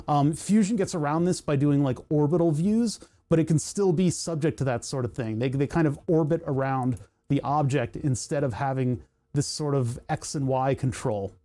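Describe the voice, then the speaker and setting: Streamer from Pennsylvania, mellow mid-pitched voice, rambling and tangential casual chat. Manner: rambling, tangent-prone, self-interrupting. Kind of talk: casual live-stream chat while working on a computer.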